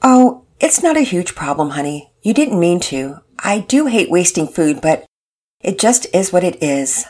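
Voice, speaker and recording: A woman voicing a patient mother who talks in slow, measured tones in a storybook reading. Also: fairly low pitch, sing-song, darkish tone. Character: patient mother, gently exasperated.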